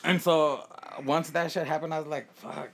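A man's voice: on the high side, steady tone, moderate pace, creaky, background noise. A man co-hosting a podcast, telling a story in a casual, profane way, laughing often and acting out what people said. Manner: profane, laughing storyteller who acts out quotes. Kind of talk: casual chat.

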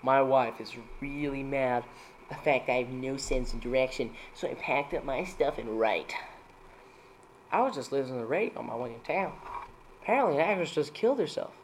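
A man casually reading dad jokes aloud as a streamer, laughing at his own punchlines and jumping into higher voices for them. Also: animated, fairly quick, a little hiss or hum.

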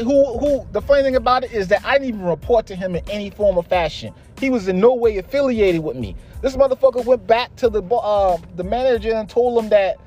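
A man's voice: high-pitched, a little mellow. A young man hosting a podcast, telling a story about his job in a blunt, exasperated way with lots of swearing. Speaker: podcast host. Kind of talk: casual storytelling monologue.

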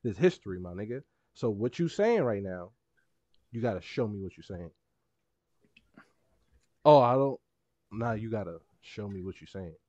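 A man's voice: on the low side, animated, moderate pace, pauses often, dark tone, dry recording, dull audio. A man co-hosting a podcast, telling a story in casual banter, emphatic and heated, with swearing and laughter. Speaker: podcast co-host.

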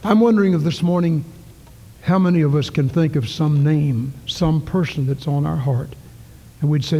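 A man preaching from the pulpit, earnest and story-driven, his voice fairly high for a man but mellow. A long church reverb hangs behind each phrase as he swings between raised calls and quiet hushes. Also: moderate pace. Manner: earnest storytelling, rising to calls then dropping to near whispers. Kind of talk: sermon. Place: church sanctuary.

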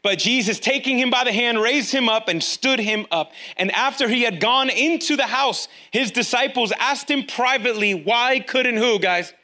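Animated high-voiced man preaching. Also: normal speed, hardly any pauses. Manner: animated, acts out quoted voices, asks the audience questions. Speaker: pastor. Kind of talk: sermon. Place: church room with online viewers.

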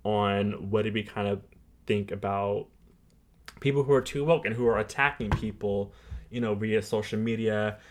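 Male podcast co-host, low-ish voice, relaxed rambling delivery with lots of "like". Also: normal speed, a little hiss or hum. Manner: loose, filler-heavy, animated retelling. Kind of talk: casual podcast chat.

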